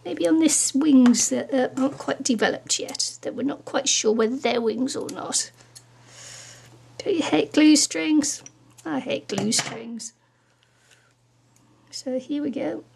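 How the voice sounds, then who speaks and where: High, gravelly-voiced woman crafting vlogger. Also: measured pace, a little mellow. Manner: chatty, giggly, talks while working. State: losing her voice. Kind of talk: casual crafting tutorial chat.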